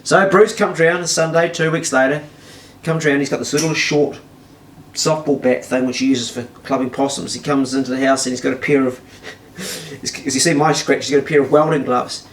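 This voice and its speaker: A middle-aged man telling a casual, animated anecdote, swearing freely and acting out voices. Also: mid-range voice, normal speed, a little hiss or hum. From New Zealand. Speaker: storyteller. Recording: roomy, distant mic.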